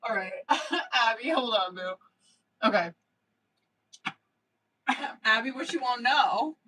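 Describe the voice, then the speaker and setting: A woman's voice: a little high, expressive, takes it slowly, bright, forceful tone, a little hiss or hum, low-quality recording. A woman giving tarot readings on a casual live stream, slangy and profane, laughing often and calling viewers girl and boo. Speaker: tarot reader.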